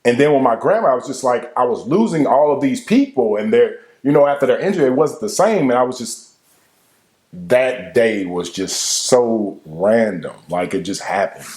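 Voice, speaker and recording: Young man, co-host, casual storyteller, halting, emotional delivery. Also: mid-range voice, animated, darkish tone, reverberant. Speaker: co-host telling a couple's story.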